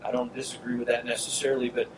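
A man's voice: mid-range voice, rapid-fire. A man preaching an expository Bible sermon, earnest and emphatic, repeating key phrases and speaking directly to his listeners. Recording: distant mic with steady air-conditioner hum.

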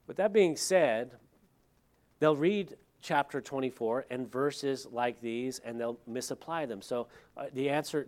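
Male pastor, mid-pitched, talky sermon delivery with wry asides. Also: a little mellow. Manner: conversational, with joking asides.

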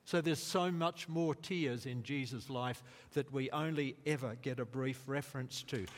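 Slow-speaking preacher man in a reverberant hall. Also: medium pitch. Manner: slow, deliberate, rising to emphatic quotes. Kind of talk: sermon. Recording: long reverb of a large hall.

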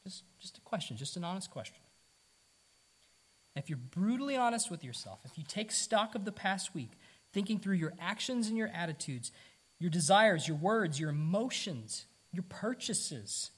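A man's voice: high voice, lively intonation, moderate pace, fairly bright tone, slightly rough. Earnest man preaching a sermon. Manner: earnest, conversational preaching with rhetorical questions; repeats words, casual asides. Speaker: pastor.

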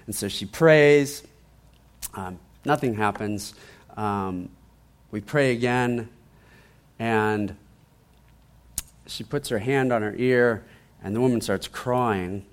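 A man preaching, telling a testimony in a lively storytelling way and often repeating his words as he goes. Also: on the low side, slow pace, pauses often. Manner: animated storytelling, acts out quoted voices, repeats words.

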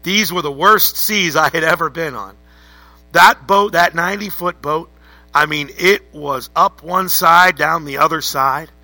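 Bright-voiced preaching man. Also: on the high side, a little slow, no echo. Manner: vivid second-person storytelling with repeated phrases. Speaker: pastor. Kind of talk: sermon.

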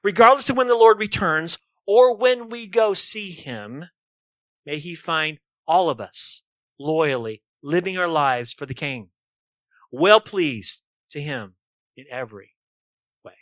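A man's voice: a little high, animated, takes it slowly, fairly bright tone, no echo. A man preaching a sermon emphatically, often posing rhetorical questions to his listeners.

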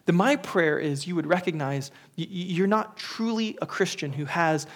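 A man preaching at a funeral, his voice sitting a little higher than most men's. He speaks earnestly, often stumbles and repeats words, and sometimes drops to a whisper on the phrases he wants to stress. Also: expressive, moderate pace. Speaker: pastor. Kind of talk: funeral sermon.

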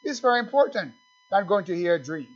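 A high-pitched male preacher delivers a sermon, calling out to the congregation and acting out little exchanges. The recording sounds dull and lo-fi. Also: very animated, fast talker. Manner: call-and-response preaching, acts out dialogues.

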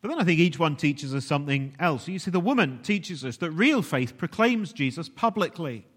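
A man preaching a sermon earnestly, at times dropping to a hushed, almost whispered voice. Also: fairly high pitch, big pitch swings, normal speed, husky. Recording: long reverb of a large hall.

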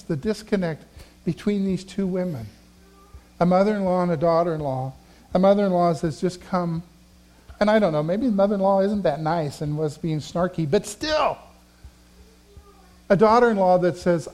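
A man with a notably high voice preaches to his congregation in a chatty, storytelling way. He leans hard into some phrases and then drops to quiet asides. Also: normal speed. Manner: conversational, swings between loud emphasis and quiet asides. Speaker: pastor. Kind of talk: sermon with personal stories.

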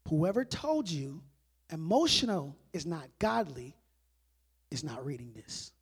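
High-voiced man preaching conversationally. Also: sing-song, unhurried. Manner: conversational preaching, rhetorical questions, drops to quiet emphasis. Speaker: pastor. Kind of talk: sermon.

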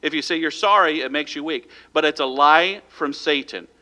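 Male pastor, slightly high, bright voice; conversational sermon delivery. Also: moderate pace. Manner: plain conversational preaching with quoted asides.

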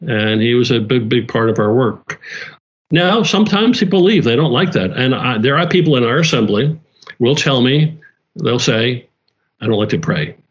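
A man's voice: medium pitch, lively intonation, normal speed, lo-fi sound. A man leading a small church, talking earnestly in casual conversation, repeating himself and restarting his phrases.

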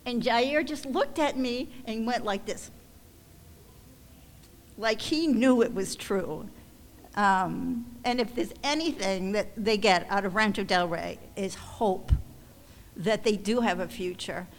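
Woman, ministry leader, emotional testimony to supporters, slow and halting, recorded in a big echoing hall. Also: medium pitch. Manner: halting and emotional, with many restarts. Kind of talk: heartfelt church testimony. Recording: long hall reverb, faint background noise.

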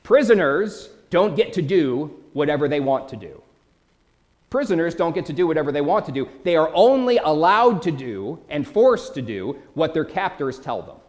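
A man preaching a sermon as pastor, animated, with dramatic quoted outbursts. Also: a little high.

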